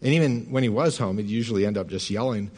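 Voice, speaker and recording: A male pastor telling parables in a sermon with calm, measured narration. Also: fairly low pitch. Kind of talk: sermon storytelling.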